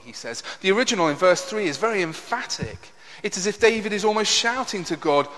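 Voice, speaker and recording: A man preaching a sermon in an earnest, emphatic way, with a lively, rising and falling delivery and a fairly high voice. He keeps drawing the listeners in with rhetorical questions. His voice rings with a long reverb from the hall. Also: a little fast.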